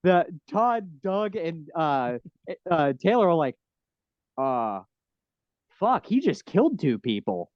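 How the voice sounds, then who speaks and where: A fairly high-voiced man co-hosts a casual podcast chat, full of gushing enthusiasm and acting out scenes in quick put-on voices. His voice sounds dry and close, with no room around it. The recording is a little dull and lo-fi. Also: sing-song, dry recording. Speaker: podcast co-host.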